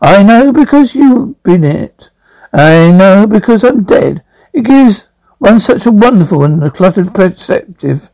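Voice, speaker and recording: A man's voice: high voice, animated, a little mellow, no room sound, voice pushed up, poor audio. A man voicing a small, grumpy, long-dead great-grandfather ghost who talks down to his great-grandson in a lofty, scolding way. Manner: lofty, scolding, slow and deliberate.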